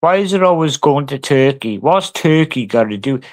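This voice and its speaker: Casting: bloke, brash live-streamer, sweary and combative with chat, slightly higher voice. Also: male voice, animated, moderate pace. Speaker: livestreamer.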